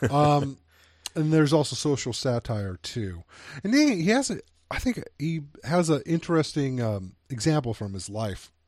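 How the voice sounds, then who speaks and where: A man's voice: fairly high pitch, sing-song, normal speed, darkish tone, no echo. Man reviewing films with a dry close sound. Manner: reads quotes aloud, hesitant restarts. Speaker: podcast co-host. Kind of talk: casual film review chat.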